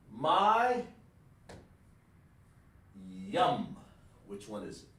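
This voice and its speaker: A male teacher leading a live online class, patiently repeating and drilling pronunciations slowly. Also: fairly high pitch. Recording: echoey room, far from the mic.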